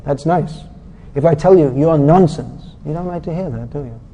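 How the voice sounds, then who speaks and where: In a scripture class, a male preacher scolds his listeners bluntly and sarcastically at a fairly quick pace. His voice is very dark and mellow yet a little high for a man, and the sound is lo-fi.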